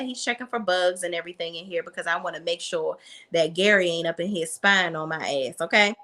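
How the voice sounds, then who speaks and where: A woman's voice: medium pitch, bright, forceful tone. A young woman, recapping a TV episode in a sassy, blunt, casual way and imitating the characters. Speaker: reality TV recap host.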